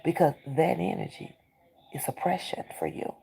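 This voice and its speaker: A low, gravelly woman gives a spiritual card reading. Her voice is husky and dark, and her delivery is urgent and preacher-like. She often sinks into a whisper. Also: moderate pace, rough recording. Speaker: tarot reader.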